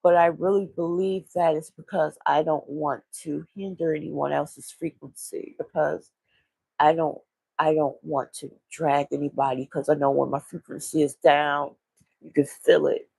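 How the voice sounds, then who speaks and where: A woman with a heavily gravelly, fry-laden voice talks her way through a confessional vlog. Her speech is husky and halting, full of restarts, and she sounds low and vulnerable. The sound is dry and close. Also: level tone, a little mellow, no echo. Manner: rambling, halting, with repeated restarts. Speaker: vlogger. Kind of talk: casual confessional monologue.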